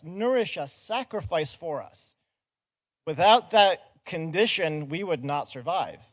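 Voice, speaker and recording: A man's voice: sits high, dry recording. A middle-aged man giving an earnest, explanatory talk from a conference stage and engaging the audience directly. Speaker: conference speaker.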